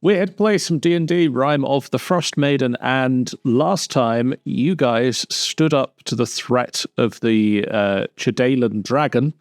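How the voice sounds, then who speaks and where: A man narrating a tabletop game as dungeon master on a live stream, in an unhurried way with pauses. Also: medium pitch, dry recording, clean studio sound.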